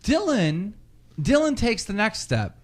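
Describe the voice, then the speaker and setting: Young male podcast host, high-ish, animated storyteller, profane. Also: slow. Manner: animated, profane, acts out quotes. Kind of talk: casual storytelling chat.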